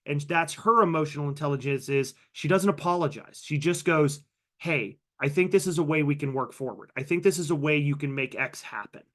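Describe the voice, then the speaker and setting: A man's voice: on the high side, fairly quick, fairly bright tone. A man teaching a live online workshop on a video call, upbeat and conversational, calling out participants by name and sharing personal stories. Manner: upbeat, reads participant names from chat. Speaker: workshop trainer. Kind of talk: live online training session.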